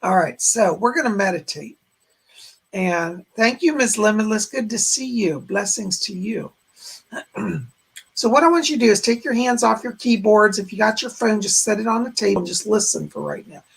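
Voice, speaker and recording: A man hosting a psychic live stream with a hoarse voice that keeps going out, chatting to viewers and leading a guided meditation. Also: sits high, expressive, moderate pace, a bit bright. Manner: speaks straight to viewers, frequent throat clearing. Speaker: psychic medium host.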